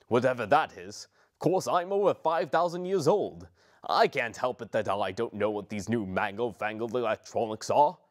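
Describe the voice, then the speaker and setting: A man's voice: medium pitch, close to an everyday voice. A young man voicing a cranky, sarcastic ancient male spirit in a comedy parody, complaining in a whiny voice.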